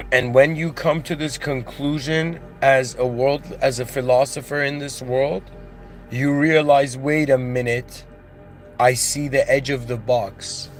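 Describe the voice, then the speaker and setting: A man's voice: mid-range voice, steady tone, a little slow, soft background music. Earnest man musing aloud. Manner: earnest, rising with emotion. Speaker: channel host. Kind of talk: philosophical monologue.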